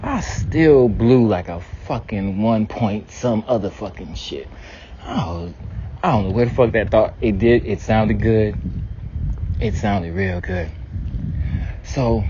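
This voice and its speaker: A man prays aloud to his ancestors with blunt candor, telling stories laced with constant swearing, his pitch and volume jumping suddenly and animatedly. The recording is dull and lo-fi, with faint ambience and slight background noise.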